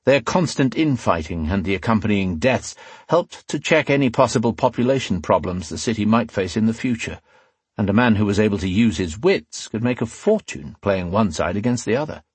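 A man narrating a fantasy audiobook in a measured, dramatic storytelling manner. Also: lowish voice, lively intonation, slightly rough, dry recording.

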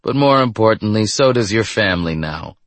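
A man's voice: fairly low pitch, expressive, a little fast, dry recording, close to an everyday voice. A man voicing a scarred, mocking male exterminator who threatens people in a gritty storybook. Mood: menacing. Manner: sneering, menacing.

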